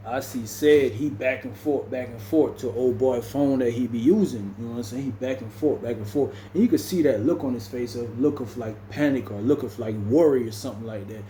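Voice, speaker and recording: Man, storyteller, casual slangy talk, mellow relaxed tone, faint background hiss. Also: medium pitch, fairly quick, few pauses. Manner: loose slangy delivery, says bro after nearly every phrase. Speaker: storyteller recounting prison stories.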